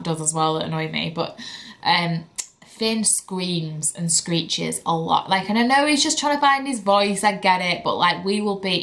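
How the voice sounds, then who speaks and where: A young woman vlogging as a mother chats candidly to the camera in a casual way, sprinkling in lots of "like." Her voice is lowish and a bit bright.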